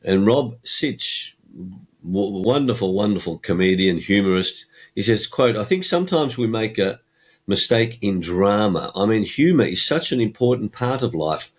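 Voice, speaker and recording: Australian male podcast host, low-pitched, earnest reader of quotations with emphatic pauses. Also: expressive. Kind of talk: solo podcast monologue reading book passages.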